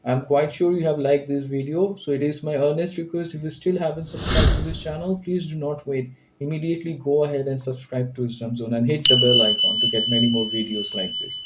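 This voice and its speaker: A man's voice: a little high, fairly even intonation, fairly quick, few pauses, very noisy. A man teaching an English vocabulary lesson, patiently repeating and restating each word's meaning.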